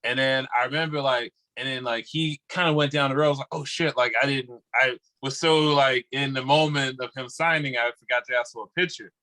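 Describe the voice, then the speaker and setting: Laid-back bright-voiced man. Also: medium pitch, steady tone, brisk, hardly any pauses, poor audio. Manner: laid-back, laughing, loose storytelling. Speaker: podcast co-host. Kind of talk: casual podcast chat over a video call. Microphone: video call.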